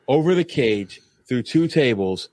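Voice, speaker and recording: A man's voice: medium pitch, expressive, a little slow, a little mellow, dry recording, studio quality. A man who used to wrestle professionally, chatting on a podcast, telling stories with frequent laughs and stammered restarts. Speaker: former pro wrestler. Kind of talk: casual podcast chat.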